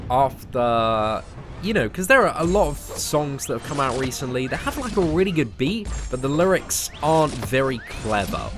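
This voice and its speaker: Chatty young southern English man. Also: medium pitch. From Surrey, southern England. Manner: rambling, stammering restarts, chatty slang. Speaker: streamer. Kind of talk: casual live-stream chat. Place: parents' garden, outdoors.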